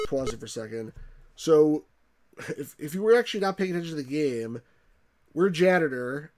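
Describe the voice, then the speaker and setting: A man hosting a let's play, rambling casually as he reads game text and chat aloud. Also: fairly high pitch.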